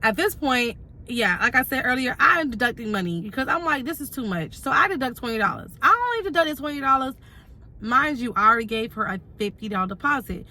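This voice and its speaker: A woman's voice: on the high side, animated, fast, pushed and bright. A young adult woman telling a storytime vlog, retelling events with emphatic repeats and asides. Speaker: vlogger.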